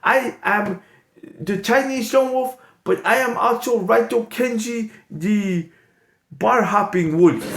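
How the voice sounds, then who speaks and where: A man voicing a boastful, excitable lone-wolf character who is jealous of a rival and rants and brags. It is a comedy bit. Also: very high-pitched, voice pushed up, heavily acted. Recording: echoey room, loud background noise.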